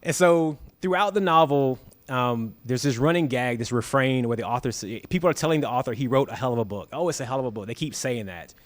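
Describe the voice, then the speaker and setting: On a bookstore stage before an audience, a male author tells anecdotes at a live book talk, his mid-range voice fairly quick with hardly any pauses. He's a lively storyteller who acts out the quoted dialogue.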